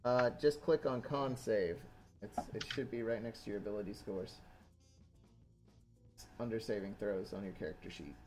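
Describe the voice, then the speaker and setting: A man's voice: on the low side, moderate pace, pauses often, music in the background. Chatty male dungeon master. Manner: loose, chatty, with many ums and uhs. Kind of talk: casual game narration.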